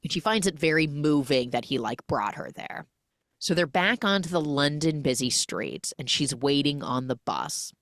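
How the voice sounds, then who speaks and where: A woman's voice: sits low, moderate pace, no room sound, clean studio sound. A woman hosting a podcast, recapping a film in casual chat and acting out the characters as she goes. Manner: animated storytelling, acts out the characters. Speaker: podcast host.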